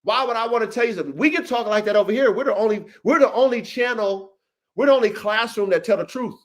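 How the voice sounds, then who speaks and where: A man's voice: high voice, fast talker. A man hosting a livestream podcast, talking in a profane, boastful, emphatic way and calling out listeners by name. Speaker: podcast host and dog breeder. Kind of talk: casual livestream podcast rant.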